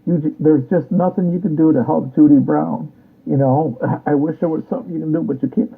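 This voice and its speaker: Guy ranting hard at his party, gravelly voice, keeps going "all right?", sounds like over a phone. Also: fairly high pitch, fairly even intonation, a little fast, narrow, tinny audio. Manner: combative, repetitive, ends phrases with "all right?". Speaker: political commentator. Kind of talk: angry political rant.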